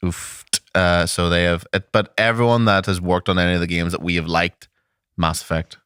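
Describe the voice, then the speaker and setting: A man's voice: deep voice, flat delivery, normal speed, a bit bright, clean tone, no echo, studio quality. A man with a Liverpool accent, co-hosting a comedy gaming podcast in casual, sweary banter. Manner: sweary, laid-back. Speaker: podcast co-host.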